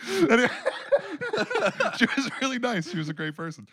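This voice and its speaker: A man's voice: very high-pitched, wildly swooping pitch, a little slow, bright, forceful tone. Rambling profane podcast co-host man. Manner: rambling, profane, laughs often. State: recovering from a cold. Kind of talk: casual podcast banter.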